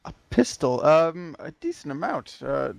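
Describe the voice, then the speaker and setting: A man's voice: fairly high pitch, big pitch swings, unhurried, gravelly, noisy background. A man playing a tabletop role-playing game, talking in a hesitant, questioning way. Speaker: player. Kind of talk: tabletop role-play chat.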